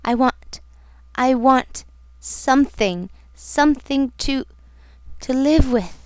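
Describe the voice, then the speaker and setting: A woman voicing a grieving young woman who speaks in a soft, faltering murmur, in an audiobook reading. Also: sits high, slow pace, smooth, dry recording. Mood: heartbroken.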